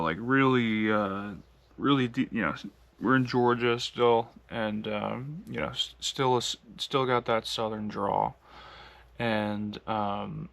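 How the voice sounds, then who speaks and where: A man's voice: lowish voice, fairly bright tone. A man from the United States casually telling a travel story, rambling with lots of fillers and laughing as he goes. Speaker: long-distance walker vlogging.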